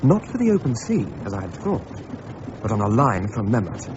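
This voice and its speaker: An actor playing an English gentleman adventurer who narrates his tale, brisk and commanding, in a radio drama. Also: fairly low pitch, sing-song, dull audio, background noise. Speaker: narrator and lead character.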